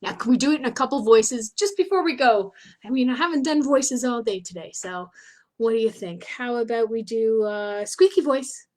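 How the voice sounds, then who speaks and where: A woman's voice: fairly high pitch, moderate pace, darkish tone. A woman hosting a live online storytime for children, chatty and encouraging.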